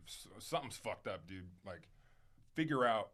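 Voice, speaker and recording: A man speaking candidly as a podcast guest, emphatic and animated at times, then quiet and reflective, swearing casually and using plenty of fillers. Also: fairly low pitch, moderate pace. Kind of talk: candid conversational interview.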